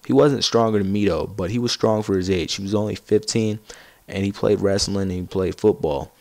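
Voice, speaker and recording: A teenage boy doing casual gaming commentary, rambling through a story and getting loud and excited as he laughs at it. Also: on the low side, brisk, gravelly, no echo. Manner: rambling, gets loud and excited while laughing at his own stories. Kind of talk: casual storytelling over gameplay.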